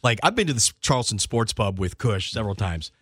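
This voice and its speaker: Lively joking man, dry sound. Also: fairly low pitch, fast, husky, no room sound. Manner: jokey, animated storytelling. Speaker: podcast host. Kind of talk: casual chat.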